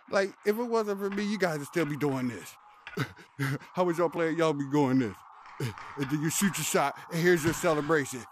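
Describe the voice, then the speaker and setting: A man's voice: fairly high pitch, slight background noise. A young man trash-talking casually while playing a VR hockey game, boastful and slangy, laughing often, on a headset mic. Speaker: VR hockey player.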